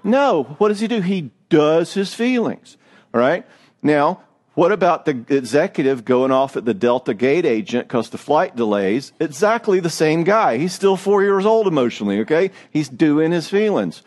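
A man's voice: a little high, sing-song, normal speed, darkish tone. A middle-aged man giving a church marriage seminar, a joking, self-deprecating storyteller. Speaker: marriage speaker.

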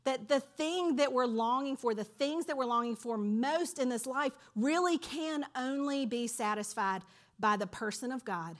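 Lively woman teaching the Bible. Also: sits high, moderate pace. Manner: lively, conversational storytelling.

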